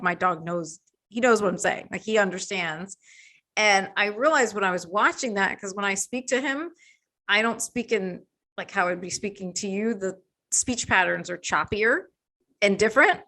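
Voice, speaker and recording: A woman's voice: mid-range voice, bright, forceful tone. A woman guest in a casual chat, talking with lots of fillers and frequent laughs.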